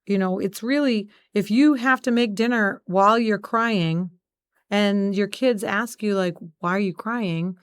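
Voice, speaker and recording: A woman's voice: medium pitch, unhurried, clean tone, no echo. Chatty woman co-host, dry close sound. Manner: chatty, storytelling, many "like" fillers. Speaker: podcast co-host. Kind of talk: casual chat.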